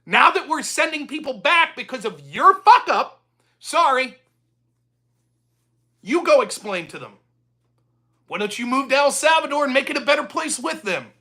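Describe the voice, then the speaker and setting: A male talk show host rants alone into the mic in an angry, confrontational way. He curses freely and keeps turning on his listener. His voice stays bright and sharp the whole way through. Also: very high voice, expressive, moderate pace, pauses often. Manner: talks straight at the listener. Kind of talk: solo ranting commentary.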